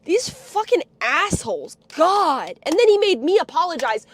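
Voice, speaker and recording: A woman telling a story on a live stream in a profane, angry rant that often breaks into shouting. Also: very high-pitched, big pitch swings, normal speed. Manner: foul-mouthed, angry, swings into shouting.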